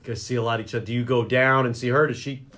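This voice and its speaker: A man's voice: mid-range voice, fairly even intonation, very fast, fairly bright tone. A man hosting a local radio talk show, joking and rambling. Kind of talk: casual chat show banter.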